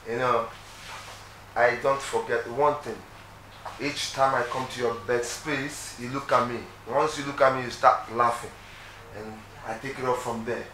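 A man's voice: medium pitch, sharp tone. A man giving an affectionate, earnest tribute to a departed friend on a reality show. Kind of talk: heartfelt video tribute. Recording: echoey room with faint noise.

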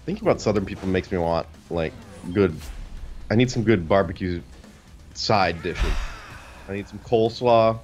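A man's voice: low-pitched, moderate pace, darkish tone, faint music behind. A man co-hosting casual gaming commentary, joking and teasing.

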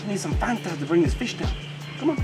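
A woman's voice: on the low side, lively intonation, fast talker, music in the background, voice pushed up, close to an everyday voice. A fussy girl lizard, as a man puts her on. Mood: fussy, coaxing. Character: fussy female monitor lizard wanting soda.

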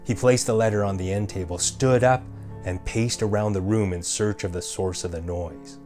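A man narrating a scripted ghost story in a measured way and voicing the characters himself. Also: lowish voice, fairly even intonation, a little mellow, soft background music.

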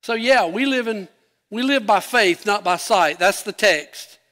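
Male pastor mid-sermon, lively scripture delivery, bright and ringing tone. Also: sits high, unhurried, in a large hall. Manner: animated preaching, acting out Bible quotes with rising, emphatic voice.

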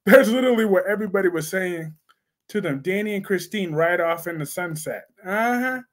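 Animated high-voiced male live-streamer. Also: moderate pace. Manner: animated, laughing, slangy, reacts loudly to chat. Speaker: host of a soap opera live stream. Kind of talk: casual live-stream chat reading viewer comments.

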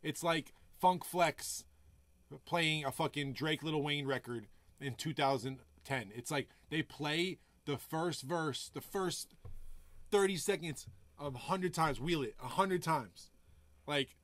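A man talks casually on a live stream from his music studio. His voice sits a bit high for a man and is recorded close and dry. He swears freely and hypes up his viewers. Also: slow pace, no room sound. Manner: loose, profane storytelling with hyped viewer shout-outs. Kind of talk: casual livestream chat.

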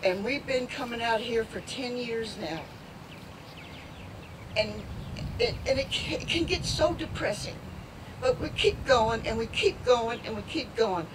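A woman speaking at a rally, halting and heartfelt, close to tears at times. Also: fairly high pitch. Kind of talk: emotional outdoor speech. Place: outdoors at a riverside lock. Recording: distant mic, loud outdoor noise.

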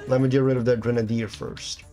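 A man talks through a game playthrough in an easygoing way, reading the on-screen story text aloud and reacting to each turn of combat. His voice sits at an ordinary middle pitch. Faint game music plays behind him. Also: level tone, brisk. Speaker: gameplay commentator.

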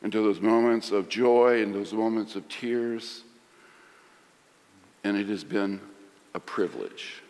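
A middle-aged man preaching a sermon, swinging from loud emphasis to hushed lines. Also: lowish voice, slow, long pauses. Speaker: pastor. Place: large church sanctuary. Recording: long hall reverb.

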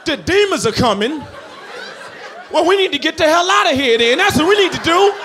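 Animated high-voiced man doing stand-up. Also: fast talker. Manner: animated, swings from quiet asides to shouted punchlines. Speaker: stand-up comedian. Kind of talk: stand-up comedy set. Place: comedy club stage before a laughing audience. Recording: live club recording with audience noise.

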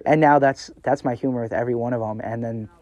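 A young man on a casual podcast, spinning a work story with plenty of swearing and quick imitations of what people said. His voice sits at an everyday middle pitch, loose and conversational. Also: fairly even intonation, darkish tone, dry recording, dull audio. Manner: storytelling, swearing, mimicking others in quotes. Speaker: podcast co-host. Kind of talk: casual chat.

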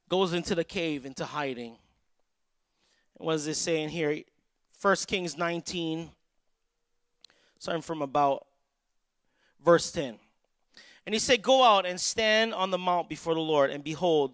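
Dry-sounding preaching man, higher voice. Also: bright, forceful tone, no echo. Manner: storytelling with quoted dialogue, rising to emphatic peaks. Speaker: pastor. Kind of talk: sermon.

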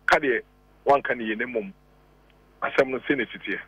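A man with a Ghanaian accent calling in as a radio guest, arguing deliberately with rhetorical questions, heard over a phone line. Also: mid-range voice, husky, no echo. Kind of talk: radio talk show discussion.

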